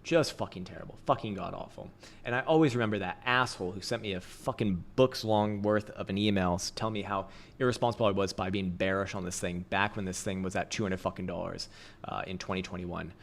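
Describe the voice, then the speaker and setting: A man's voice: low-pitched, steady tone, brisk, gravelly, a little hiss or hum. A man hosting a crypto trading livestream, talking casually and bluntly with heavy swearing, frequent laughs and rambling restarts. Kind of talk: casual livestream chart commentary.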